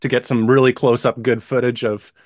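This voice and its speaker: A man playing in a tabletop role-playing game, chatty and quick to laugh. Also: medium pitch, flat delivery, a little mellow, no room sound, clean studio sound. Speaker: player.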